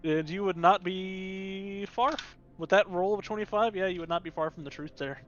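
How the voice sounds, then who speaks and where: A man runs a tabletop game as game master, with dry, joking remarks. His voice is high for a man, and the recording has a dull, lo-fi sound. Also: moderate pace.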